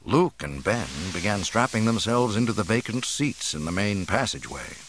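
A man narrating an audiobook in a dramatic, expressive storytelling manner. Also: lowish voice, moderate pace, a little hiss or hum. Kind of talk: scripted narration.

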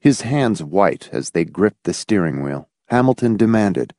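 A man reads a novel aloud as its narrator, with an expressive storyteller's delivery. His pitch moves a lot, and the mid-range voice sits close in a dry recording with no room sound. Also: unhurried, few pauses, no echo. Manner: expressive storyteller, voicing several characters. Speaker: audiobook narrator. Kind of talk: scripted narration.

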